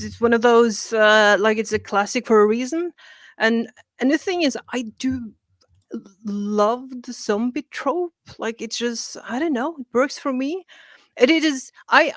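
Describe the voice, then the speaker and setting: A Norwegian-accented woman with a faint Irish lilt chats in an interview, animated and profane, stumbling over her words and piling on "like"s. Her voice sits in a middle pitch. It comes over a video call with a dry sound and no room echo. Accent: Norwegian with a slight Irish lilt. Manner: animated and profane, many restarts and "like"s. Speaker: comic book writer guest. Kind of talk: casual interview chat.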